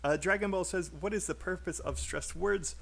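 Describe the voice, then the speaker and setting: A man's voice: high voice, moderate pace, gravelly. Upbeat British man teaching English live. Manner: upbeat, explains and models sentences aloud. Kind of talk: live online speaking class.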